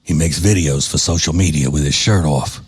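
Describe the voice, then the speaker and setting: A man putting on a tough-talking mobster, voice dropped far down into a gravelly growl. He drawls out his threats slowly and mockingly, more parody than danger, and he keeps his volume soft and restrained. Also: rumbling low, no echo, voice pushed down, exaggerated voice. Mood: mock menace. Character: menacing old-school male mobster, mocking.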